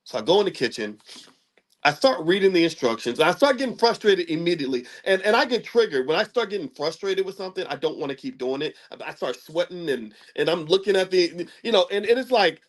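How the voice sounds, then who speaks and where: A man's voice: sits high, sing-song, fairly quick. A middle-aged man hosting his own channel, telling a story in a casual monologue to camera. He stammers and repeats words, and he pokes fun at himself. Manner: self-mocking and humorous. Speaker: commentator and channel host.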